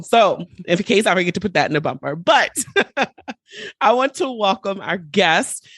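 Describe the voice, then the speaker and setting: A lively, chatty woman hosts a podcast, her voice a little stuffy and congested from allergies. She speaks at a middling pitch, with a dry, close sound and no room echo. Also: a little slow, husky. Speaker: podcast host. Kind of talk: casual podcast chat.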